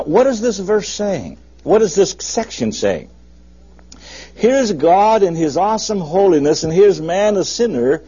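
Lively, husky man preaching a sermon. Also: on the high side. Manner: folksy, emphatic preaching with lively rises and drops. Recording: dull, muffled lo-fi recording.

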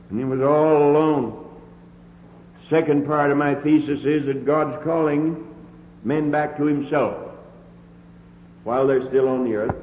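A man preaching a sermon, earnest and emphatic, with repeated phrases, heard on an old lo-fi recording. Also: a little high. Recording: tinny lo-fi old sermon recording, roomy hall echo.

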